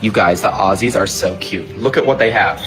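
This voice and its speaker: A man with a lowish voice chats to camera in a short video clip. He sounds wide-eyed and enthusiastic. Loud music plays behind him. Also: normal speed. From United States.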